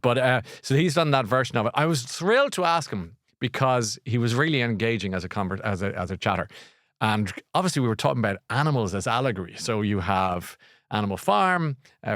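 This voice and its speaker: A man's voice: mid-range voice, dry recording, studio quality. Chatty man hosting a book show. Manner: rambling, jokey, animated with fillers and restarts. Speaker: radio book show host. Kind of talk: casual chat.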